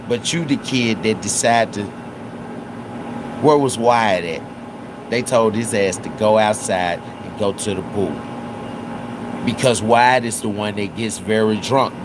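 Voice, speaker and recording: Man, livestream commentator, slow drawl, mid pitch, slips into put-on voices for quotes, faint background hum. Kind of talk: casual live commentary.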